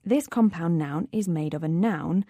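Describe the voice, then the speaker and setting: A woman co-hosting a scripted English vocabulary lesson, explaining in a friendly, clearly articulated way. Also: lowish voice, a little slow, dark tone, no echo. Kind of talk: scripted teaching dialogue.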